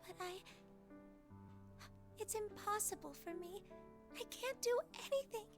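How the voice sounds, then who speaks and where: Game role: very high-voiced, meek young idol, self-doubting. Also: female voice, measured pace, faint music behind. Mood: despairing. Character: timid, despairing young female idol.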